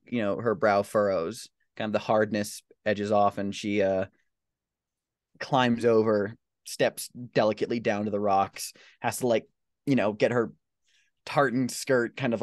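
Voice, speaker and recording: A low-voiced man narrating his character's scene in a tabletop game, stopping and restarting often and leaning on fillers. His voice sounds dry and close, with no room echo around it. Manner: halting, full of fillers and restarts.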